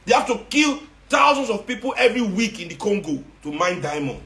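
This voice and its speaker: A man's voice: high voice, big pitch swings, brisk, fairly bright tone. Nigerian man ranting in an echoey room. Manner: ranting, sarcastic, mixes Nigerian Pidgin. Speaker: social media commentator. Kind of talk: impassioned monologue.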